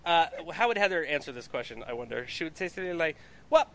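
A man's voice: a little high, animated, fast, fairly bright tone. A man hosting a comedy podcast, rambling and joking in casual chat. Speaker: podcast host.

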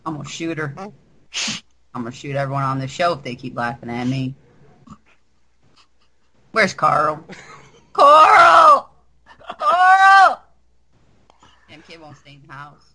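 A gruff, angry sheriff growls low and breaks into shouts, as a woman puts him on. The tone stays bright and edgy, pushed well below her usual pitch. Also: big pitch swings, slow pace, long pauses, full character voice, low-quality recording. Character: gruff male zombie-show sheriff, angry.

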